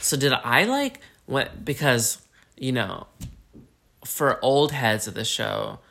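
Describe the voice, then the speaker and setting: Slow, animated male podcast co-host. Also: gravelly. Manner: animated, acts out characters in high squeaky voices. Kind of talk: casual chat retelling a story.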